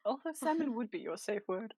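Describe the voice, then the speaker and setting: Lively teasing woman player. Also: on the high side, fairly quick, breathy edge, no echo, clean studio sound. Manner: playful teasing, lively laughs. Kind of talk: casual chat during a tabletop game. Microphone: home mic on a voice call.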